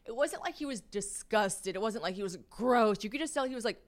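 A young woman hosting a podcast, telling a story in a casual, animated way, full of "like" fillers, self-mocking asides and acted-out dialogue. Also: on the high side, brisk, few pauses. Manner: chatty and animated, lots of "like" fillers, acts out quoted dialogue. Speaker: podcast host.

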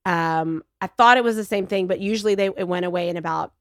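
A middle-aged woman as a podcast guest, telling her story in wry, animated casual conversation and acting out the voices of the people she quotes. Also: lowish voice, quick pace, no echo, studio quality.

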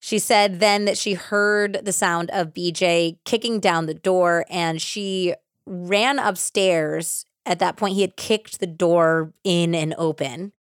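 A woman hosting a true crime podcast, casually retelling a case with animated acted-out quotes and lots of "like". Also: on the low side, slow, hardly any pauses, smooth, dry recording, clean studio sound. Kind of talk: casual storytelling.

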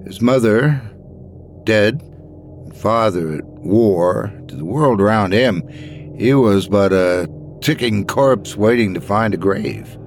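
A man narrating a scripted horror story, measured and dramatic, dropping low at grim lines.

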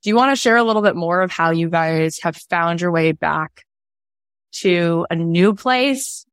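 A woman's voice: lowish voice, measured pace, smooth, no echo, studio quality. A woman hosting a candid podcast conversation, telling stories animatedly, laughing and acting out quotes. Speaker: podcast host.

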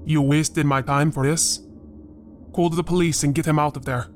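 A man's voice: fairly high pitch, normal speed, slight background noise, lightly acted. A man playing an irritable, grumpy man who speaks curtly. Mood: irritated. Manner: curt, snappish.

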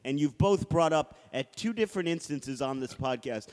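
A man's voice: a little high, animated, moderate pace, darkish tone. A man hosting a casual comedy podcast, bossily setting up an improv sketch, in a reverberant room. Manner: bossy, sets up improv sketches. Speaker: podcast host.

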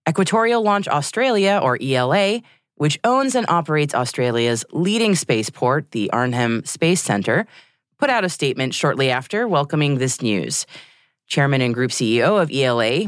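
Lively woman reading space news. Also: sits low, dry recording, studio quality. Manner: lively, articulate newsreader delivery. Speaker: news podcast host. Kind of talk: scripted news reading with banter.

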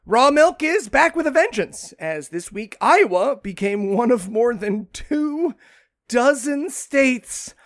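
A man co-hosting a comedy podcast, delivering wry, deadpan jokes. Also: extremely high pitch, slow, no echo, studio quality. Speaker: podcast co-host. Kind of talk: casual comedic chat.

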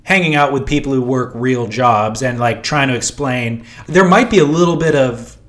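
A man's voice: mid-range voice, normal speed, fairly bright tone. A man co-hosting a casual podcast chat in a laid-back way, full of "like" and "you know". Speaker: podcast co-host.

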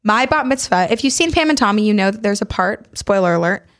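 A young woman co-hosting a podcast, chatting casually and telling animated stories with blunt opinions. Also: mid-range voice, quick pace. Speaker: podcast co-host. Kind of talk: casual chat.

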